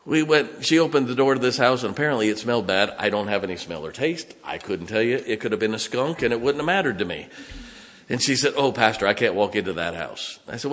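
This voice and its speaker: Folksy older preacher, hall reverb. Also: male voice, medium pitch, a bit bright. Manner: folksy storytelling preacher, plain-spoken with rhetorical questions. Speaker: pastor. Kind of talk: sermon. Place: church sanctuary. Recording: long reverb in a church hall.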